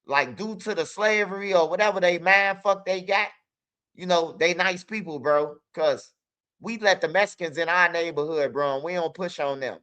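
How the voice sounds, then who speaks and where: A man's voice: sits high, normal speed, bright, forceful tone, smooth, muffled recording. A young man telling street stories in a loose, casual monologue, tossing in "bro" a lot. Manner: streetwise, loose, peppers talk with "bro" and "you hear me". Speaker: channel host.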